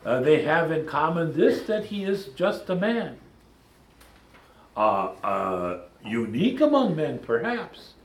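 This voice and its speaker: A man's voice: on the high side, big pitch swings, slow, reverberant, poor audio. A man teaching a lecture-style Bible study. He talks in a thoughtful, digressive way, with frequent ums and side remarks.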